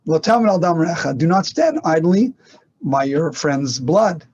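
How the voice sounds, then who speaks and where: A man's voice: a little high, mellow, slightly rough, highs cut off. A man teaching a casual online class on medical ethics, talking conversationally with restarts and rhetorical questions.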